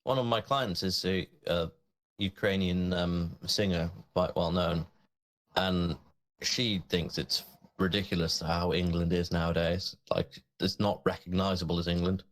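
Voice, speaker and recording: A man's voice: deep voice, measured pace. A man co-hosting a podcast, ranting about politics and then mocking his own anger. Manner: animated, ranting, self-mocking. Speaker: podcast co-host. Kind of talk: casual political chat.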